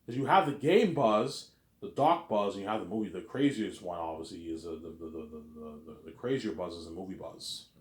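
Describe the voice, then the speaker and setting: A man's voice: deep voice, a little fast. A man rambling in a casual monologue, repeating himself and using many fillers. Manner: repetitive, filler-heavy. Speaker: host. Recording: roomy echo.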